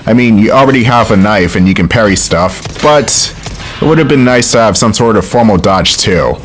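Faint music plays behind this low-voiced man recording let's play commentary at home. His tone is casual and wry, he curses frequently, and frustration flares up in short bursts.

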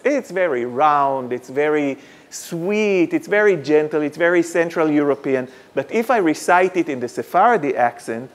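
Male lecturer, higher-pitched, dramatic storyteller with wry asides. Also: lively intonation, measured pace. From Israel. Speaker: guest lecturer.

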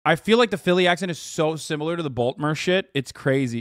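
A man hosting a reaction stream, chatting casually in an excitable, profane, rambling way. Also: on the high side, fairly quick, few pauses, dry recording, clean studio sound. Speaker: streamer host.

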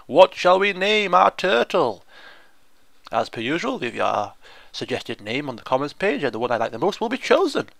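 A man giving chatty, excitable commentary on a video game, often laughing and exclaiming. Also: fairly high pitch, moderate pace, gravelly, no room sound. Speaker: gaming video host. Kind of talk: let's play commentary.

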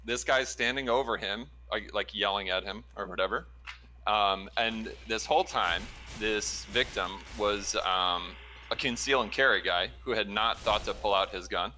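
A caller from the Chicago area, an ER trauma nurse, tells a story in a relaxed, chatty way with plenty of fillers and laughs. His voice is low and bright, his pace moderate, and there's a slight hiss or hum on the line.

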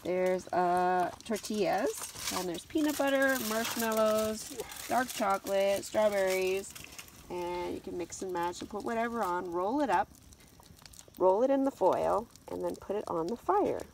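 Woman, camping vlogger, upbeat, chatty, gravelly fry, outdoors by a lake. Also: medium pitch, measured pace, a little mellow, a little hiss or hum. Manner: upbeat and chatty, laughs often. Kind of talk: casual outdoor vlog.

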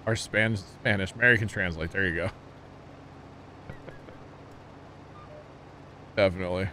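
Chatty low-voiced Midwestern streamer man. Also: measured pace, pushed and bright, a little hiss or hum. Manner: rambling, chatty, talks to chat with many fillers. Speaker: gaming streamer. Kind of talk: casual livestream chat while playing.

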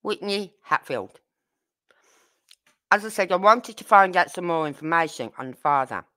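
A woman's voice: lowish voice, animated, moderate pace, bright, forceful tone. A woman from Birmingham with a Brummie accent, hosting a true crime livestream and talking bluntly and indignantly straight to her viewers. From Birmingham, England. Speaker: true crime channel host. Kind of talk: casual livestream chat.

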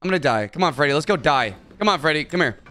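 A man narrating a horror game let's-play, joking, swearing and yelling when startled. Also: a little high, lively intonation, very fast. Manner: jokey, swears, mutters, yells when startled. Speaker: gaming YouTuber.

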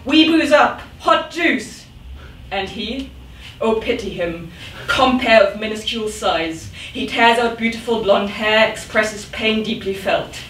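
A woman's voice: mid-range voice, measured pace, a bit bright, a little hiss or hum. A woman poet giving a live reading in a rhythmic, dramatic manner with sudden outbursts. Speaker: poet reading her work. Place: event room. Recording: echoey room, mic at a distance.

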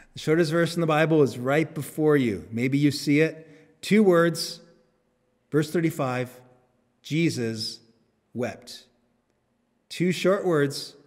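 A male pastor preaching a sermon, earnest, lifting his voice for emphasis and dropping it low on solemn words. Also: darkish tone. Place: church sanctuary. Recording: long church reverb.

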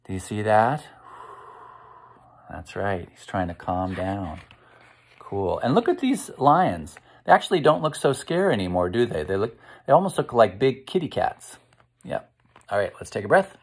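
A man reading a picture book aloud to children, asking them gentle questions as he goes. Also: lowish voice, very animated, normal speed, a little hiss or hum. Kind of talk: interactive read-aloud.

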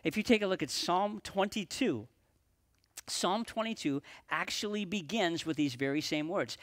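Guy pastor preaching in church, kinda high voice, earnest, slows down to hit the big points. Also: animated, a bit bright. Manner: earnest, slows and drops his voice for emphasis. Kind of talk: sermon. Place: church sanctuary at a live service.

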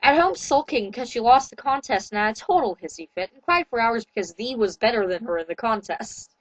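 A woman's voice: on the high side, animated, fairly quick, no room sound, poor audio. A woman voicing a lovestruck teenage boy vampire with old-fashioned, courtly speech.

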